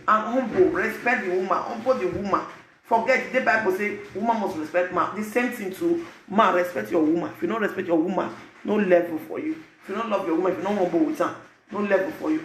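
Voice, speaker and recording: A man speaking Nigerian Pidgin English, giving animated, preachy advice to his viewers in a casual vlog. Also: high-pitched, fast, roomy sound, a little hiss or hum. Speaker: vlogger.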